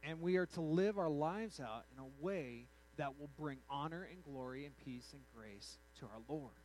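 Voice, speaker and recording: A man preaching a sermon in an animated, conversational way, acting out the quotes in his story. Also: fairly high pitch, moderate pace, a little hiss or hum, poor audio. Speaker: pastor.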